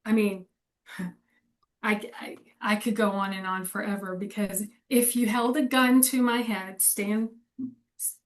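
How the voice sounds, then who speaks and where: A woman's voice: mid-range voice, fairly even intonation, unhurried. A woman in her forties chatting casually and candidly, rambling and laughing often. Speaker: co-host. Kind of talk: casual chat.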